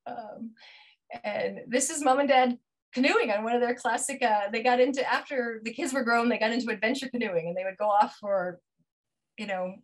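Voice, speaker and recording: A middle-aged woman telling a personal story over a video call, acting out dialogue with big jumps in pitch and sinking to a hush at tender moments. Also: poor audio. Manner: drops to a hushed near-whisper at tender moments. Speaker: featured storyteller.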